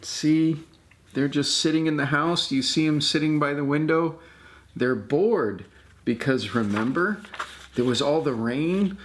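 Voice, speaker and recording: An older man, a grandfather, reading a picture book aloud to a child in a gentle, affectionate way, exclaiming and pointing out the pictures. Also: a little high, unhurried, a little hiss or hum.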